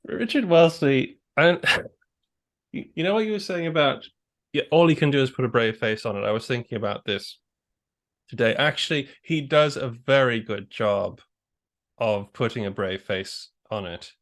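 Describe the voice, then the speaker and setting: A man's voice: medium pitch, moderate pace, a bit bright. A man hosting a casual history discussion, thoughtful and rambling as he talks through his ideas aloud. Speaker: podcast host.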